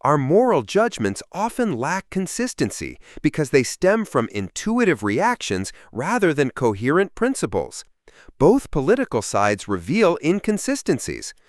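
A man giving a measured, scripted explanatory narration. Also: mid-range voice, no room sound, studio quality.

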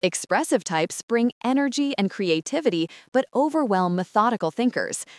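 A woman's voice: medium pitch, dry recording, studio quality. A woman giving polished, emphatic scripted narration as an explainer.

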